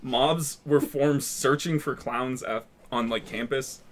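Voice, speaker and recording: A man co-hosting a casual horror movie podcast, relaxed and recounting facts he looked up, with frequent fillers. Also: mid-range voice, slow. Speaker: podcast co-host presenting research. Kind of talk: casual chat.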